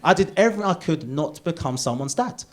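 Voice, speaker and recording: Guy in his 30s doing stand-up on a theatre stage, voice bouncing all over, slightly high. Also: fast. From England. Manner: animated storytelling, acts out doctor and himself in quotes. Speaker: stand-up comedian. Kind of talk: stand-up comedy routine. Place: theatre stage before a live audience.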